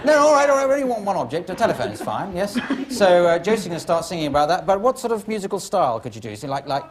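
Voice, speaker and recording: Giggly, flustered game-show host. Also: male voice, sits high, sing-song, fast, some chatter behind. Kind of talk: hosting an improv comedy show. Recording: studio audience, live stage.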